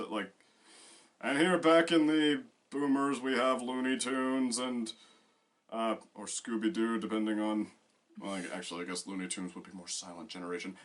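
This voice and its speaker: A man with a fairly low voice talks through a casual discussion as co-host. He rambles, circles back and restarts his sentences, loaded with fillers. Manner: bursts into loud acted quotes.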